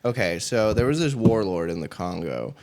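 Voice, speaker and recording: A man from the United States swaps basic training stories in relaxed podcast chat. His voice is very lively, swooping up and down, and he swears freely and laughs a lot as he tells them. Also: on the low side, moderate pace. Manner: profane, laughs often while telling stories. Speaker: podcast co-host. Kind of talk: casual storytelling chat.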